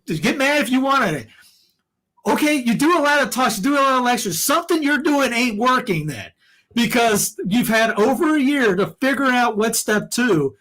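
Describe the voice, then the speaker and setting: Man, high voice, heated rambling podcast talk, lots of restarts. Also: fairly bright tone. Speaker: podcast co-host. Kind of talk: casual opinion chat.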